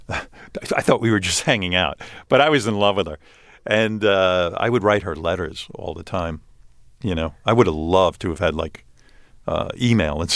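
A man with a New York accent tells stories in an animated, chatty way. His pitch swings widely, he laughs often and restarts his sentences. The sound is dry and close, with no room around it. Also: no room sound. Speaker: interview guest. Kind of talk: conversational storytelling.

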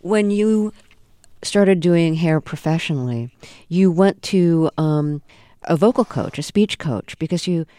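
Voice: mid-range voice, a little slow, mellow, clean tone, no room sound, studio quality. An interviewer asking probing, conversational questions.

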